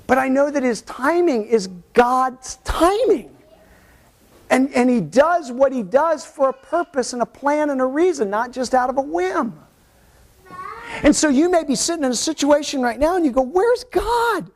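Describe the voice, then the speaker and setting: A male pastor preaching a Sunday sermon, animated and conversational, acting out the voices of doubters and of God. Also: very high voice, normal speed. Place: church.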